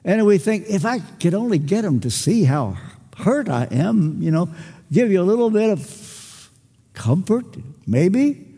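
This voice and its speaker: An older preacher gives a sermon with emphatic, measured phrasing, acting out little dialogues between people and letting long pauses hang. His high yet mellow voice is husky, swings widely in pitch, and rings through a reverberant hall.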